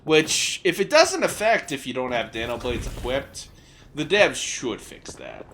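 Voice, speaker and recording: Excitable swearing gaming streamer man. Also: medium pitch, unhurried, a little hiss or hum. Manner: excitable, swears freely, jokey asides. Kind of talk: casual gameplay commentary. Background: game music.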